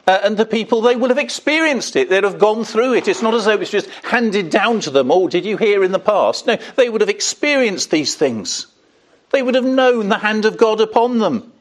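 A man's voice: sits high, lively intonation, moderate pace. An older man preaching an evening sermon in an earnest way, asking rhetorical questions and rising on key words.

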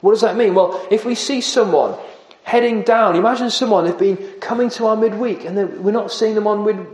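High-voiced preacher man in an echoey hall. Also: a little fast, a little mellow. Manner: earnest expository preaching, drops voice for emphasis. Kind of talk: sermon.

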